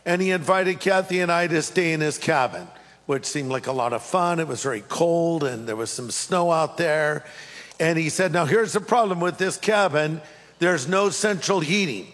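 A man from California preaching a sermon, telling a lively personal story and then reading scripture slowly. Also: fairly high pitch, in a large hall. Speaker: pastor.

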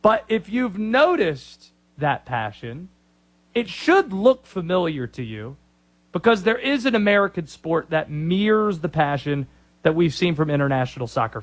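A man hosting a sports talk radio show, opinionated and joking. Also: sits high.

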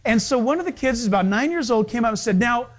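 Male preacher with a high voice, sermon storyteller who slips into other people's voices. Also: expressive, fast. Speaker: pastor.

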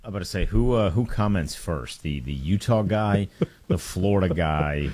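A man co-hosting sports talk radio, cutting in with jokes and quick questions. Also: low-pitched, animated, darkish tone. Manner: joking interjections. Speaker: radio co-host.

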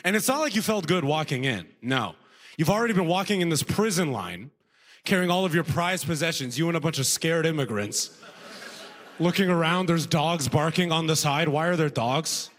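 A man's voice: on the high side, animated, normal speed, fairly bright tone, in a large hall. A man from Sudan doing a conversational stand-up set on a comedy club stage, checking in with the crowd as he goes.

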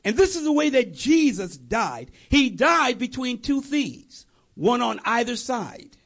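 A man preaching an animated, conversational storytelling sermon with jokey asides. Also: very high voice, unhurried.

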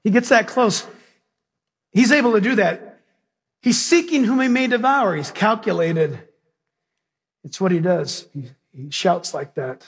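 A male pastor preaching an animated sermon, telling stories and acting out voices. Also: sits high, measured pace, pauses often, slightly rough. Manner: animated, storytelling, acts out voices.

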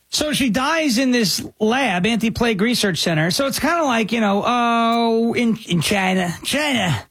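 Husky high-voiced sarcastic man. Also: fairly bright tone, dry recording. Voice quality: sarcastic, incredulous. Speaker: commentator. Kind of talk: sarcastic news commentary.

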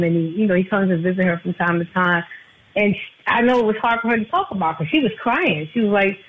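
A woman's voice: lowish voice, fairly quick, a little hiss or hum. A woman, an insurance agent calling in as a guest, speaking earnestly and repeating herself. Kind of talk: casual radio talk. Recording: tinny phone line.

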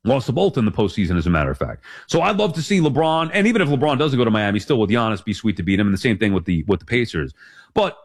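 A man's voice: fairly low pitch, sing-song, quick pace. A man in his forties hosting a sports talk show, rambling and emphatic as he corrects himself. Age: 40s.

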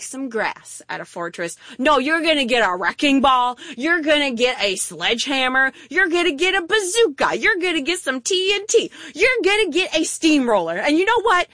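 Animated, high-voiced woman preaching. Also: no room sound. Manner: animated storytelling with acted-out voices. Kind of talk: sermon.

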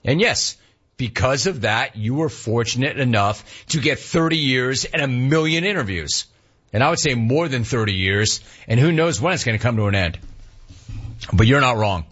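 A middle-aged man hosts a loose talk show and riffs wryly on listener messages. His voice is husky, sits at an ordinary male pitch, and comes through a dull, lo-fi recording. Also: expressive, normal speed, a bit bright. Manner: wry, playful, jumps between impressions and asides. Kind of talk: casual talk show banter. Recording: dull lo-fi sound.

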